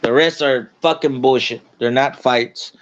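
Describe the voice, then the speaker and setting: A man's voice: medium pitch, unhurried, crowd noise. A man chatting about boxing in a laid-back, repetitive way, often saying bro. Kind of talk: casual boxing chat. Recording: dull lo-fi dry sound.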